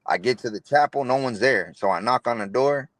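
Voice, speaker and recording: A young man recounts his story in relaxed street slang, tossing in "bro" again and again and replaying conversations as he goes. His voice sits at an ordinary middle pitch. The recording is dry and close, with almost no room sound. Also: a little fast, dry recording. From Los Angeles area, California. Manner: street slang, says "bro" a lot, retells dialogue. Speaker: interview guest. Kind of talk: casual storytelling interview.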